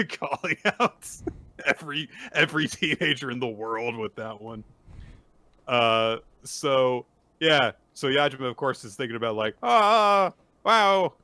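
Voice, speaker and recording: A young man with a bright, forward tone recaps manga chapters in a relaxed podcast chat. His voice sits close and dry on the mic, with no room around it. He laughs often and jumps into excited voices when he quotes characters. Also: mid-range voice, measured pace, dry recording. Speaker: podcast co-host.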